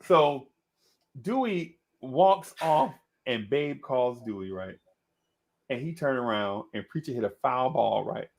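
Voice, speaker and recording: A middle-aged man telling a story in an animated, casual way, laughing often and calling his listener "bro.". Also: mid-range voice, normal speed, creaky. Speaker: podcast host.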